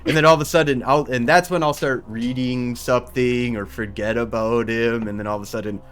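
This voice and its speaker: A man hosting a podcast, talking casually about gaming. He gets excitable, laughs a lot and acts out little scenes with sudden jumps in his voice. His voice sits at an ordinary middle pitch. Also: fairly quick. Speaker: podcast host. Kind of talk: casual interview chat.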